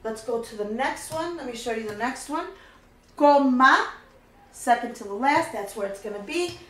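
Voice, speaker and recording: A woman's voice: on the high side, expressive, moderate pace, roomy sound, low-quality recording. A woman teaching a Spanish grammar lesson, patiently walking through each step and repeating key points.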